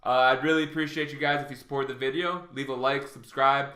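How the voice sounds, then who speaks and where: A man's voice: mid-range voice, steady tone, a little fast, pushed and bright, reverberant. A man giving casual sales tips to his viewers, rambling with lots of fillers and restarts and acting out both sides of phone calls. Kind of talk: casual advice vlog.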